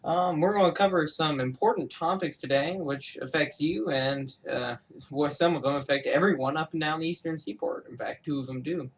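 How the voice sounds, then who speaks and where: A young man from Georgia, USA, gives a casual weather update on a livestream as an amateur broadcaster, hesitant and full of fillers and self-corrections. His fairly high voice moves at a moderate pace and sounds recorded from a distance.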